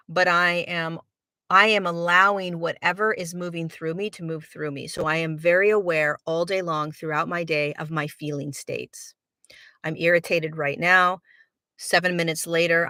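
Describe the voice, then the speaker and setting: A woman's voice: fairly low pitch, pushed and bright, no room sound, clean studio sound. A woman hosting a spiritual podcast, talking earnestly in a reflective monologue and repeating words for emphasis. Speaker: spiritual teacher and podcast host.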